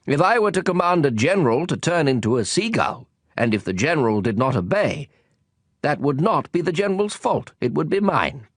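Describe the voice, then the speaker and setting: A man's voice: on the high side, sing-song, normal speed, no echo, studio quality. A man voicing a proud, pompous old king who gives stiff, grand commands. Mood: commanding.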